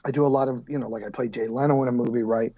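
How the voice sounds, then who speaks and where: Joking, animated man on muffled audio. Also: mid-range voice, rapid-fire. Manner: animated, joking storyteller who often restarts sentences. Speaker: actor guest. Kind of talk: casual podcast interview.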